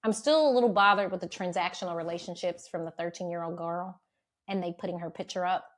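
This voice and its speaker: A woman's voice: lowish voice, quick pace. A woman in her thirties co-hosting a podcast, chatting casually, laughing often and swearing freely. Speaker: podcast co-host. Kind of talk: casual chat.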